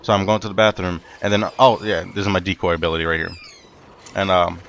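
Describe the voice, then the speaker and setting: A young man with a fairly low voice rambles through a story from his job while he plays a game, swearing freely and circling back on himself with fillers. Faint background noise hangs under the recording. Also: fairly even intonation, fast talker, vocal fry, a bit bright. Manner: rambling, profane, many fillers and restarts. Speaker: gaming commentator.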